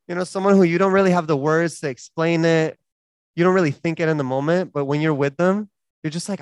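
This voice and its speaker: Guy giving a sermon, kinda high voice, super smooth and clear, earnest and reflective, stacks up repeated phrases. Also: a little fast, no echo. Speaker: preacher.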